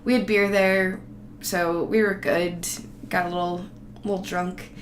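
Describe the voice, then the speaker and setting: A woman's voice: on the low side, flat delivery, measured pace. A woman telling a casual, rambling travel story, profane and sarcastic. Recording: roomy echo, faint background noise.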